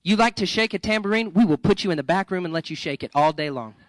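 A male pastor preaching a sermon in a lively, joking, conversational way that coaxes the congregation. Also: high voice, fast talker, no echo, rough recording.

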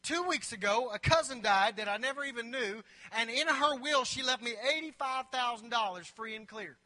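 Glum grumbling man played by a preacher, high bright voice, echoing hall. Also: normal speed, heavily acted. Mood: mournful. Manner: mournful, quietly complaining. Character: downcast man grumbling about lost windfalls. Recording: long reverb of a large hall.

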